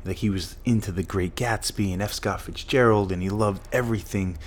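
A man's voice: fairly low pitch, fairly quick. A middle-aged man earnestly telling a personal story as an interview guest.

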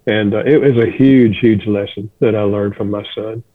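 A man's voice: fairly low pitch, steady tone, normal speed, no echo. Earnest older man over a phone line. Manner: earnest, gentle, storytelling with quoted dialogue. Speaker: guest, author and counselor. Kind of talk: reflective storytelling.

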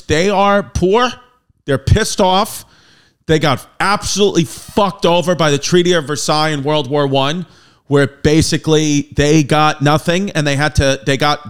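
Comedian host in his thirties, slightly high voice, loose and profane, comic history bits. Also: clear, resonant tone. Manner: jokey, swearing, sudden loud bursts and put-on voices.

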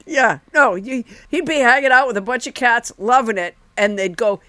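A woman's voice: on the high side, moderate pace, bright, forceful tone, no echo. A woman co-hosting a comedy podcast, making wry, jokey remarks in casual chat. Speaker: podcast host.

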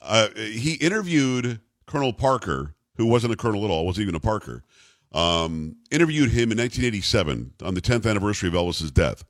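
A man's voice: fairly low pitch, big pitch swings, fairly quick, no room sound, clean studio sound. A middle-aged man hosting a radio talk show, rambling and teasing his co-hosts. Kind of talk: casual talk radio banter. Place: radio studio.

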